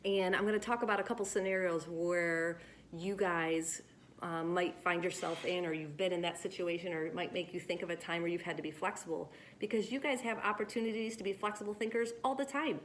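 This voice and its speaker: A woman teaching children after reading a picture book, gentle and encouraging as she talks straight to them about handling disappointment. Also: on the low side, fairly even intonation, a little fast, slight background noise.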